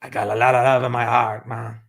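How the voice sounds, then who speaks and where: A man's voice: medium pitch, level tone, a little fast, vocal fry, a bit bright. A man hosting a casual livestream Q&A, reading viewer questions and answering in a sarcastic, joking way with frequent swearing.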